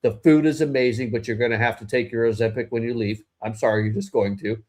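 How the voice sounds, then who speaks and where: A man co-hosting a casual political talk podcast, speaking at an ordinary middle pitch. He rambles in an opinionated way and often trips over himself, restarting his sentences mid-thought. The delivery is loose and conversational. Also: steady tone, quick pace, a little mellow. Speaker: podcast co-host.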